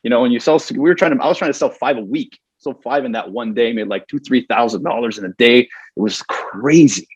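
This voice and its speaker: A man's voice: mid-range voice, fairly quick, few pauses, slightly rough, no room sound, muffled recording. A man guest on a podcast telling a personal story earnestly, acting out his own past thoughts and getting emotional as he talks. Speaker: podcast guest, corporate trainer.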